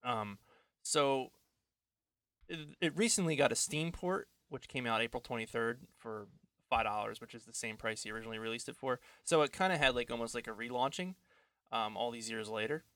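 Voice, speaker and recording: A man co-hosting a casual podcast chat from home, rambling, self-deprecating, and quick to laugh. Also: medium pitch, fairly bright tone, no echo. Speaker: podcast co-host.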